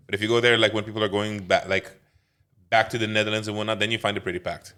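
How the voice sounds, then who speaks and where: A man co-hosting a podcast and running a quiz, halting and hesitant in casual chat. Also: on the low side, steady tone, pushed and bright, smooth. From Caribbean. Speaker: podcast co-host, quiz master.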